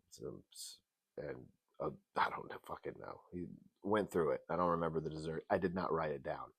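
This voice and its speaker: A man hosting a casual TV review show, animated and jokey, swinging between loud bursts and mutters. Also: a bass voice, creaky. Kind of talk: casual commentary.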